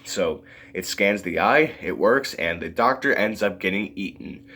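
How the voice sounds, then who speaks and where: Low-voiced man, lively rambling review. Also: unhurried. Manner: rambling, full of fillers, giggles often. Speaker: movie reviewer. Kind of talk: casual video review.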